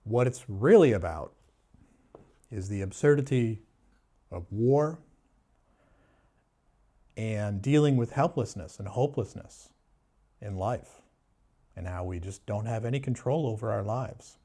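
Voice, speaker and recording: Slow, mellow deadpan man. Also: lowish voice. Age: adult. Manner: deadpan mock-serious. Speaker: booktuber. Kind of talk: sarcastic book review.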